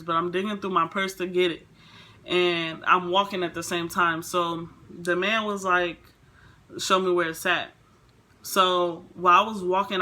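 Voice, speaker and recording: A young woman vlogger telling a storytime in a casual, rambling way, full of fillers. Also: fairly low pitch. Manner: rambling, filler-heavy, animated retelling.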